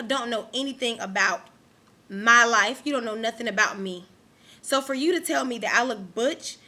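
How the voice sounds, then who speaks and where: A woman's voice: on the high side, pushed and bright. A young woman vlogging an angry rant to her camera, emphatic and repeating herself.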